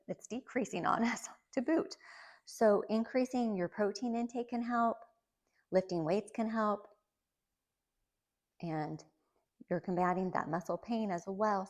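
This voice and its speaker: A woman's voice: medium pitch, a little mellow. A woman around fifty talking casually, sharing her own experiences and tips with a light laugh now and then. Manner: chatty, laughs lightly between points; shares personal experiences with listeners. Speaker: vlogger. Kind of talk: casual chat.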